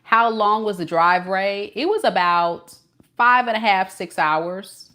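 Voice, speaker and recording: A woman's voice: medium pitch, slow pace, fairly bright tone. A woman in her forties from Southern California with a light Southern twang, chatting casually with viewers and laughing often. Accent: Southern California with a light Mississippi twang. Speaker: tarot reader. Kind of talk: casual live-stream chat.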